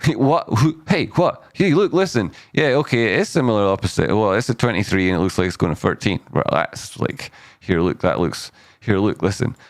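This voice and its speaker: A man's voice: fairly low pitch, animated, fairly quick, no echo, studio quality. A man hosting a casual live stock chart analysis, rambling and jokey, cutting himself off mid-sentence. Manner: rambling, self-interrupting, jokey asides.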